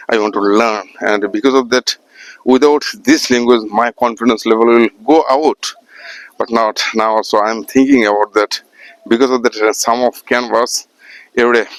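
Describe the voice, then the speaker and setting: Man, halting broken English, many pauses, art teacher, dry close sound. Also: fairly low pitch, dry recording, rough recording. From Assam, India. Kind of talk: casual spoken talk to camera.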